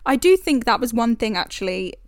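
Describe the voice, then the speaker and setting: A woman's voice: on the high side, sing-song, brisk, no echo, clean studio sound. A British woman co-hosting a podcast, talking effusively and swearing freely in casual chat. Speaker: podcast co-host.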